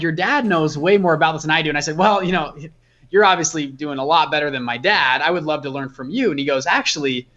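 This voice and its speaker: A young man, a guest entrepreneur, telling a personal story in a casual, animated way, acting out the dialogue as he goes. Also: on the high side, highs cut off.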